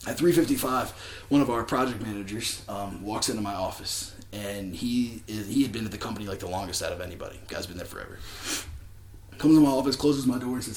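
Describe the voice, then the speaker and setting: A man telling a personal faith story to a church crowd, earnest and often laughing, going quiet when emotional. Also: on the low side, quick pace, roomy sound. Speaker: church speaker. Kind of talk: personal testimony.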